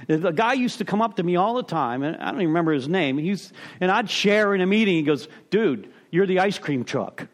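Lively, rambling middle-aged man. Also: high voice, fast talker, few pauses. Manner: rambling, self-interrupting storyteller who chuckles at himself. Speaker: speaker sharing at a recovery meeting. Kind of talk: personal story share to a group.

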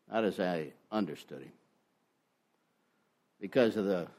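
Older guy sharing his story at a meeting, low voice that bounces around a lot, folksy, laughs at himself, headset mic. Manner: folksy, self-deprecating, peppered with "you know". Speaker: recovery meeting speaker. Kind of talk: personal testimony talk. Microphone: ear-worn headset mic.

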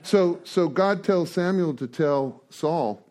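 A man's voice: a little high, slow, few pauses, darkish tone. A middle-aged man speaking at a recovery meeting, storytelling in a rambling, conversational way with humorous asides. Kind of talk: storytelling talk to a group.

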